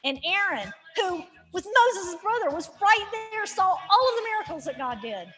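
A woman with a high voice gives a lively, sarcastic Bible lesson, slipping in jokes as she goes. Her voice rings out through a large hall with a long echo. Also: moderate pace, faint music behind. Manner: lively, sarcastic, acts out characters. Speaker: Bible teacher. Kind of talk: humorous Bible teaching. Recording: reverberant hall.

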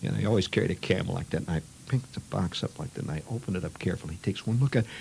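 A man's voice: sits low, rapid-fire, vocal fry, darkish tone, slight background noise, rough recording. A man telling a childhood story in a rambling, conversational way, peppered with "you know" and "see".

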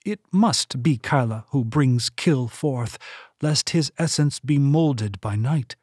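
Male narrator doing an imperious older woman leader for an audiobook; slow, lifted pitch, dry close sound. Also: expressive, a little mellow, husky, no echo. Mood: commanding. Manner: stern, imperious, measured. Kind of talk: audiobook character voice.

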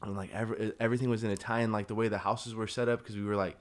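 A man's voice: lowish voice, little pitch movement, racing. A young man talking as a podcast guest in casual chat, laid-back and rambling, laughing often.

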